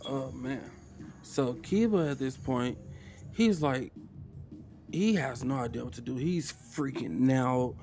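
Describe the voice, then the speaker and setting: A man's voice: mid-range voice, normal speed, mellow. A man, narrating a tabletop game as game master in a casual way, sighing and muttering to himself.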